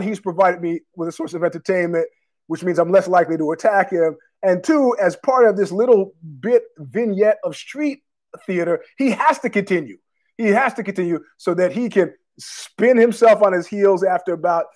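A man's voice: sits high, normal speed. A man hosting his own show, telling a street story in a casual, profane monologue and acting out the other people's lines. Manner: profane, animated, acts out street exchanges in quoted voices. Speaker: podcast host.

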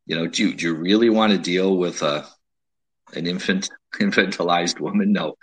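A man hosting a casual advice talk, speaking in a measured way with frequent restarts and repeated words. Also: sits low, animated, fairly bright tone, breathy edge, poor audio. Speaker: host giving dating advice.

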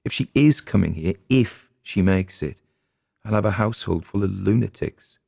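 Man reading worn-out gruff husband, low and gravelly, close dry mic. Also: expressive, normal speed, dark tone, no echo, exaggerated voice. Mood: grumbling. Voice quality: gruff and grumbling. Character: weary, blunt middle-aged farmhouse husband.

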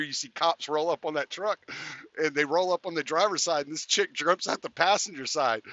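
A man, a podcast guest, telling stories in a casual, profane, animated way, recorded lo-fi. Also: fairly high pitch, dry recording. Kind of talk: casual storytelling.

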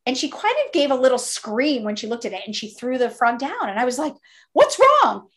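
A middle-aged woman with a slightly high voice tells stories as an interview guest. She speaks with animated, enthusiastic energy. She keeps the anecdotes flowing as she talks through them. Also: fast. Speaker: guest, toy company co-founder. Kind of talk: interview storytelling.

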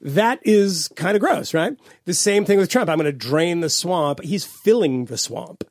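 A man co-hosting a political podcast, talking in an animated, rambling way with lots of swearing and restarts. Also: a little high, unhurried, no echo, studio quality. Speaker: podcast co-host. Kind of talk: casual political chat.

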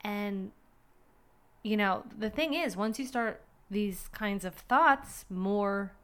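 Candid woman with a smooth voice. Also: mid-range voice, takes it slowly, fairly bright tone. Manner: candid, rambling, self-deprecating with small laughs. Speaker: podcast host. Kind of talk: personal reflective monologue.

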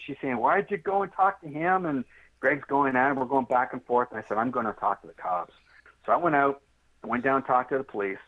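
A man guest on a podcast interview telling a story in a straightforward, animated way and acting out the dialogue. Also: medium pitch. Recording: tinny phone line.

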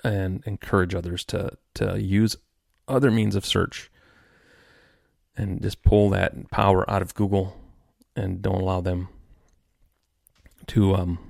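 In a solo podcast rant, a male host vents his frustration in rambling fashion, frequently starting over. He has a low, darkish voice with vocal fry, recorded at studio quality without any room sound.

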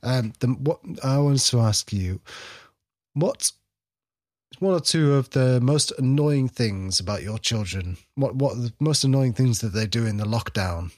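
A man's voice: medium pitch, expressive, unhurried, a little mellow. A man who co-hosts and produces a podcast and talks in a rambling, hesitant, self-mocking way. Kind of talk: casual banter.

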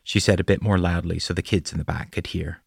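A man narrating a serialized audio story in a measured, steady way. His voice sits very low, with a gravelly, husky texture. The recording is dry and close. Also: no room sound. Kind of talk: scripted narration.

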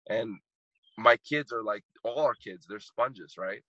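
A man's voice: fairly low pitch, measured pace, bright, forceful tone, no echo, dull audio. A man in his thirties, a podcast guest and motivational speaker, telling a heartfelt story with emphatic repetition while choked up. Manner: emphatic, repeats phrases for impact.

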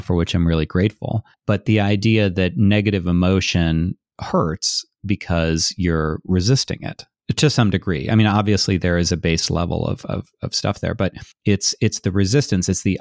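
A man's voice: sits low, creaky, no echo, studio quality. A man hosting a podcast interview, talking in a thoughtful, reflective way with frequent restarts. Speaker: podcast host. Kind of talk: conversational interview.

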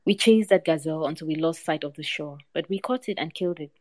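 A young sultan's son tells his tale in a low, even storybook voice, as a woman narrator reads his part. The sound is dry and close, with no room around it. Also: quick pace, no room sound, close to an everyday voice.

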